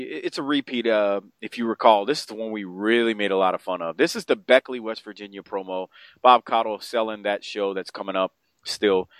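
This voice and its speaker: Male podcast co-host, mid-pitched, casual and rambling, dry close-mic sound. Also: no room sound. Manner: rambling and profane, pitch jumps when excited.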